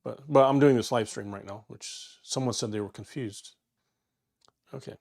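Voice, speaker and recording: A man in his forties hosting a casual travel livestream alone, reading viewer comments aloud and answering them in a rambling, halting way, full of fillers and restarts. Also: medium pitch, gravelly, a little mellow. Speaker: travel YouTuber and livestream host.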